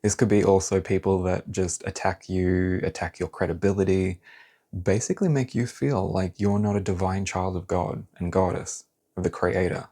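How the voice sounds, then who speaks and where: A man doing a pick-a-card tarot reading, talking in a blunt, animated, casual way and swearing now and then. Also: low voice, normal speed.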